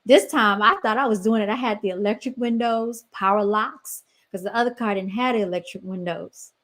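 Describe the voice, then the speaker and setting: A woman in her thirties talks to her podcast audience in a relaxed, rambling monologue. She tells one story after another and keeps turning back to her listeners as she goes. Her voice sits at an ordinary middle pitch for a woman. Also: brisk. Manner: chatty storytelling, keeps addressing listeners as y'all. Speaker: podcast host.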